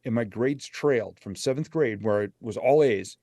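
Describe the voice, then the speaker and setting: A man's voice: medium pitch, moderate pace, warm tone, dry recording, clean studio sound. A middle-aged man, a motivational speaker, telling a candid personal story as an interview guest.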